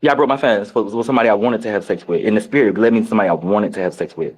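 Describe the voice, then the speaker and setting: A man on a reality show after-show, telling candid stories in casual chat, animated and profane, with big swings in his voice. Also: on the low side, rapid-fire, poor audio. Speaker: reality show cast member.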